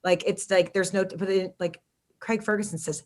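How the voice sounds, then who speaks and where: A woman with an American accent, a comedian hosting a casual interview, chatty and excitable. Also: lowish voice, brisk, background noise. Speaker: comedian host.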